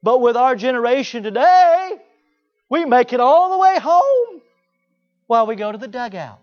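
A man preaching a sermon in an animated way, often mimicking the people he talks about. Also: very high voice, normal speed, muffled recording. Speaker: pastor.

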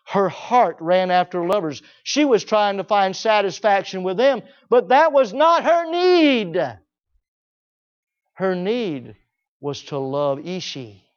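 A man preaching a sermon, emphatic, repeating key phrases and swinging between loud declarations and hushed asides. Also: high-pitched. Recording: dull lo-fi recording.

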